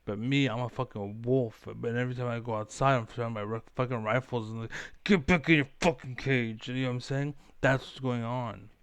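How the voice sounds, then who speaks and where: During a gaming live stream, a man rambles through a profane rant over the gameplay in a smooth, resonant voice of ordinary pitch. He speaks briskly with fairly even intonation and hardly any pauses, recorded close on the mic with no room sound or echo.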